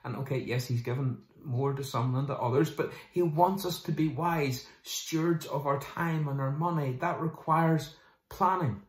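A man's voice: a little high, moderate pace. Man preaching in an echoey room. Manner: animated, mimics people in quoted asides. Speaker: pastor. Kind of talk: sermon.

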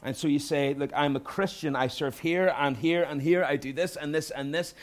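A middle-aged male pastor giving a sermon, earnest, dropping to hushed lines and rising to loud emphatic bursts. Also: fairly high pitch, steady tone, moderate pace.

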